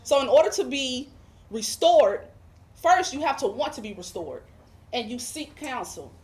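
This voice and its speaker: A woman with a fairly high voice gives a heartfelt religious testimony as a guest. She speaks emphatically and drives her points home with preacher-like repetition. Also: very animated, unhurried, darkish tone. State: emotional, near tears at times.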